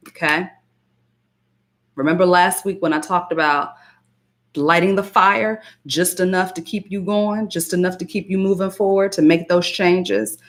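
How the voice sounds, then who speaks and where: A spiritual coach with a low, deep voice speaks directly to her livestream viewers. She's emphatic and repeats phrases for weight, sometimes pausing to greet a viewer by name.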